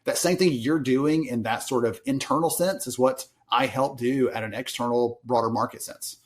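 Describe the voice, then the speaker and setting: A man's voice: medium pitch, normal speed. A man from Alabama with a Southern accent, a podcast guest chatting casually and acting out quoted voices as he tells stories. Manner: animated storyteller, acts out quoted voices. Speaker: podcast guest, research analyst. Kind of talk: casual interview chat.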